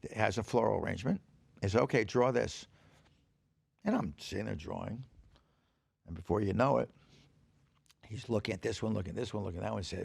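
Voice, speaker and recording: An older man, a podcast guest, telling stories in casual chat, animated and profane, laughing as he acts out the people he quotes. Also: on the low side, brisk, creaky, long pauses, slightly rough, no echo, studio quality. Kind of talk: casual storytelling.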